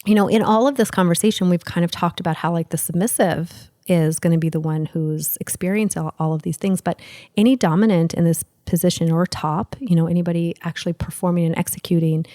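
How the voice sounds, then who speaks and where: Candid woman with a low, mellow voice. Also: fairly even intonation, a little fast, no echo, studio quality. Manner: candid, swearing freely, acts out little dialogues. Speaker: podcast host, relationship expert. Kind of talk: casual explanatory talk.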